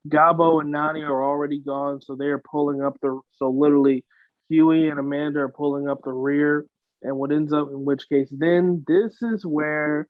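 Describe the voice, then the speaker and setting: A man's voice: fairly high pitch, dry recording. A man co-hosting a podcast, retelling a reality show episode in an exasperated, profane way. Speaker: podcast co-host. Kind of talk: casual reality TV recap. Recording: tinny phone-like line.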